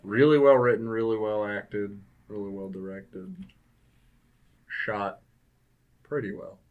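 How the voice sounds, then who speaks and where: A man's voice: fairly low pitch, slow, phone-quality sound. A man co-hosting a casual movie podcast who mostly answers in short agreeing replies and gives plain, easygoing opinions. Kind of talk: casual chat.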